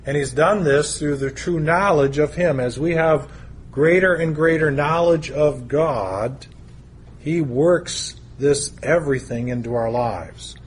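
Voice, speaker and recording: Slow, deliberate male preacher. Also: a little high, slight background noise. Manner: slow, deliberate, emphatic build-ups. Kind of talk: sermon.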